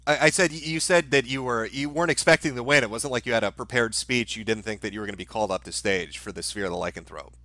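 A man hosting an interview, asking questions in a casual, quick way. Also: mid-range voice, pushed and bright, no echo. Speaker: host.

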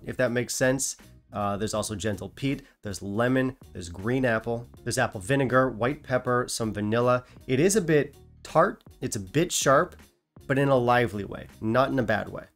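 Man, whisky reviewer, casual, dry self-mocking humor, mid-pitched voice, faint background music. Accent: non-British English. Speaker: whisky reviewer, channel host.

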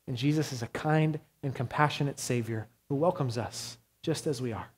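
A man preaching a sermon as pastor, earnest, moving between hushed quiet passages and raised urgent ones. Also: mid-range voice, normal speed, few pauses, slight background noise.

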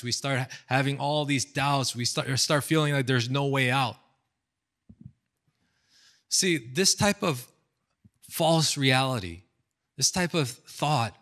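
A pastor speaking at a youth seminar in a casual, chatty way, repeating words, using fillers and acting out stories. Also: male voice, mid-range voice, a bit bright. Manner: storytelling, acts out quotes.

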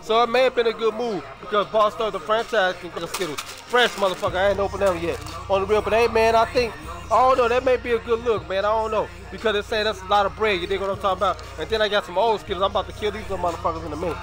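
A man's voice: high-pitched, very fast, music in the background. A young man from Chicago with a Chicago accent, chatting casually on his stream in slangy, profane talk full of drawled repeats.

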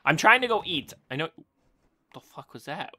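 Excitable gamer with a lively, bright voice. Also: medium pitch, normal speed. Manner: excitable, yelps and shrieks at sudden events; talks to self, swearing and laughing. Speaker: gameplay commentator. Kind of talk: let's play commentary.

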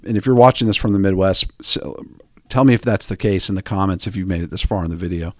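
A man's voice: low voice, quick pace, no echo, studio quality. A man hosting a podcast, chatting casually in a rambling, joking way with lots of fillers. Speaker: podcast host. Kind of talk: casual chat.

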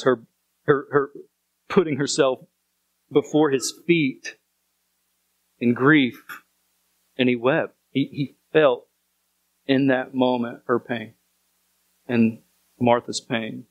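A man's voice: mid-range voice, steady tone, slow, pauses often, no echo, low-quality recording. A man preaching a sermon as pastor, speaking earnestly and repeating phrases for emphasis.

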